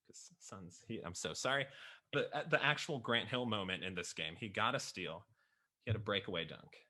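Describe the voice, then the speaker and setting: Man, lowish bright voice, chatty, laughs a lot, pokes fun at himself. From Chicago. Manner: enthusiastic, self-deprecating, laughs often. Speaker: writer and podcaster, guest. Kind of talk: casual chat showing off jerseys.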